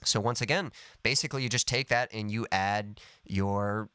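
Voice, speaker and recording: A man's voice: fairly low pitch, moderate pace, pushed and bright, smooth, no room sound. A man teaching songwriting in a live lesson, explaining step by step in an easygoing way with lots of "sort of" and "kind of.". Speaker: songwriting coach.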